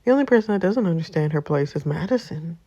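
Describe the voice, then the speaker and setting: A woman's voice: lowish voice, expressive, quick pace, dark tone, no echo, lo-fi sound. Woman reading as a blunt jealous young wife. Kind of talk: reading a story game's narration and dialogue.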